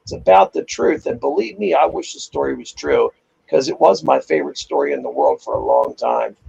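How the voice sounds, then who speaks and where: A man hosting a casual chat, telling animated, profane stories and acting out quotes. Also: medium pitch, a little fast, gravelly, husky, highs cut off. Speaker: podcast host.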